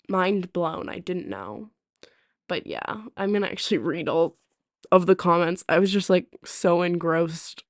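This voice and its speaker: Young woman streamer, lowish voice, rambling casual storyteller with lots of fillers. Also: steady tone, moderate pace. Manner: chatty, many fillers and restarts. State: hiccups.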